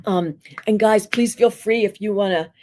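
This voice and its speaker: A woman's voice: mid-range voice, moderate pace, slight background noise. A middle-aged woman, a school psychologist, explaining counseling techniques in conversation and acting out quotes as she tells anecdotes. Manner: animated storytelling, acts out voices in quotes. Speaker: school psychologist and podcast guest.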